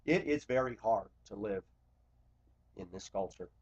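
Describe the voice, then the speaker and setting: A man speaking to camera in an impassioned confessional monologue, blunt and confrontational, swinging between loud outbursts and quiet asides. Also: on the low side, animated, unhurried, husky. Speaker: Christian video blogger. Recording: dull lo-fi recording.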